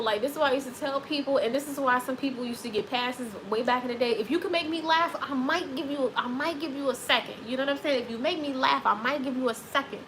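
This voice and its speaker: A woman with a slightly high voice hosts a casual live chat, reading comments aloud and handing out blunt dating advice. She is sassy and animated, repeating lines for emphasis, with speech. Faint background noise sits under the recording. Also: rough recording. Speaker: live stream host.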